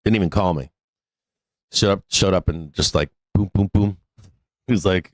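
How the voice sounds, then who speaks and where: Low-voiced man rambling on a live stream. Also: moderate pace, pauses often, no room sound. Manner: rambling, profane, laughs often. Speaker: host of a live stock trading show. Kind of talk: casual live-stream talk.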